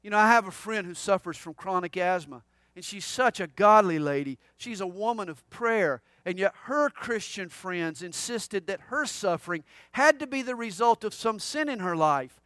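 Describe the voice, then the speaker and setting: A pastor preaching an expository sermon, emphatic and conversational with humorous asides. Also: male voice, sits high, expressive, moderate pace, a bit bright, dry recording, studio quality.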